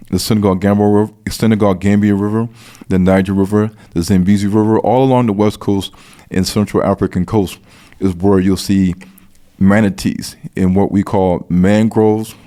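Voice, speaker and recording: A man's voice: lowish voice, fairly even intonation, moderate pace, warm tone. A man explaining at length in conversation, earnest, often repeating and restarting phrases as he builds his point. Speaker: guest speaker on biblical history.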